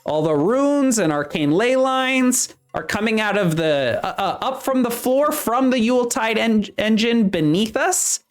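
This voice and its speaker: A game master voicing a chipper workshop supervisor at Santa's workshop, talking with a Midwestern accent in hurried tour-guide patter. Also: medium pitch, expressive, faint music behind, pitched above the performer's own voice, close to an everyday voice. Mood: upbeat. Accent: Midwestern American.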